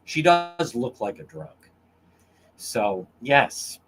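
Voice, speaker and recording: A man's voice: medium pitch, big pitch swings, extremely slow, a bit bright. A man hosting a casual livestream, crude and mocking as he reads comments from chat. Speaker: livestream host.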